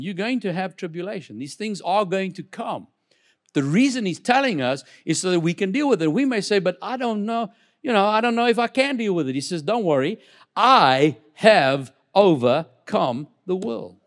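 A man pastor preaching a sermon in church, with lively delivery, frequent asides and repeated words. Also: high-pitched.

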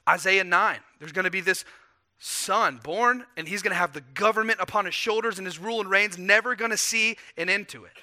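A pastor preaching a sermon, animated, acting out the quotes and swinging from loud passages to hushed ones. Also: male voice, high-pitched.

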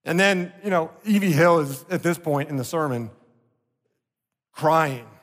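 Man preaching in a reverberant hall. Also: fairly high pitch. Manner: earnest preaching, slowing for emphasis. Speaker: pastor. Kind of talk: sermon. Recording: long reverb of a large hall.

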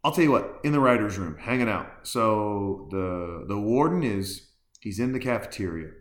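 A man's voice: fairly low pitch, expressive, moderate pace. Rambling male podcast host in an echoey room. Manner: rambling and loose, with frequent fillers and restarts. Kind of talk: casual chat, reacting to a film while drinking beer.

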